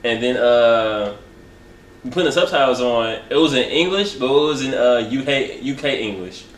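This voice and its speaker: A man's voice: medium pitch, lively intonation, normal speed. Podcast co-host, male, casual self-mocking storyteller; roomy sound, faint background noise. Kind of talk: casual chat.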